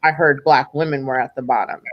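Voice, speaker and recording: A woman's voice: extremely low pitch, fairly even intonation, brisk, no room sound, highs cut off. Woman, podcast guest, thoughtful, hesitant, dry close sound. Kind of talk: casual discussion.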